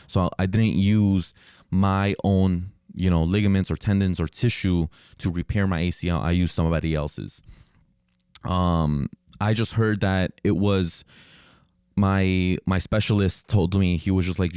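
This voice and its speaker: Young male podcast host, lowish smooth voice, casual rambling storyteller, swears freely. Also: steady tone, a little slow, darkish tone, dry recording, clean studio sound. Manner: casual, profane, rambling with many restarts.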